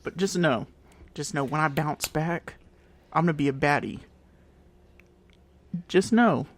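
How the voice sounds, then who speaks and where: A woman co-hosting a casual podcast chat, playful and affirming with quick comebacks. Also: low-pitched. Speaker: podcast co-host.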